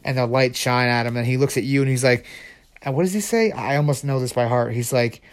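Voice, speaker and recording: Un joven que habla con entusiasmo y atropello en un vlog informal, repitiendo palabras y reformulando sobre la marcha. Tiene un tono medio y corriente, y usa muchas muletillas. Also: male voice, medium pitch, quick pace, clean tone. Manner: excited, rambling, with many restarts. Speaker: video creator. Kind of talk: casual ranking vlog.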